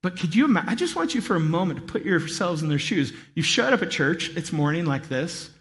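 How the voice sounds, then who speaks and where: A man giving a sermon as a pastor, telling stories in a lively way and acting out voices. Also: on the high side, fairly quick, in a large hall. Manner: animated storytelling, acts out voices. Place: church hall.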